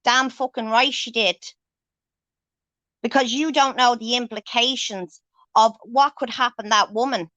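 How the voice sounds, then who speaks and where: Furious swearing woman, bright and dry. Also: a little high, fairly even intonation, measured pace, dry recording. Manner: angry, swears heavily, confrontational. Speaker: livestream host. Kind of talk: angry livestream rant.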